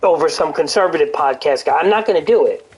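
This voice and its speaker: An older man talks casually over a game stream, blunt and profane, rambling from point to point. His mid-pitched voice is slightly husky and moves lively up and down. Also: quick pace. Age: older adult. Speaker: gaming streamer. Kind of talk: casual chat over gameplay.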